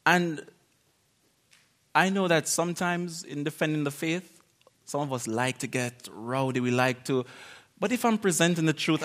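A man giving an informal sermon in a conversational, animated way, acting out little quoted exchanges and laughing often. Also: mid-range voice. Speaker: preacher.

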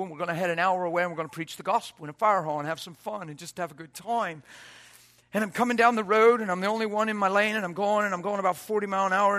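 A man preaching a sermon, telling a personal story with lively acted-out quotes and frequent laughter. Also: high-pitched. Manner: animated, acts out quotes, laughs often.

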